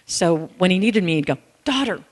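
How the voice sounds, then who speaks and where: A woman's voice: lowish voice, brisk. A middle-aged woman, an author, telling personal stories to an audience in a candid, conversational way. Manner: conversational, candid, acts out dialogue with "I'm like". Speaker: author and speaker. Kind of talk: personal storytelling talk. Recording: long hall reverb.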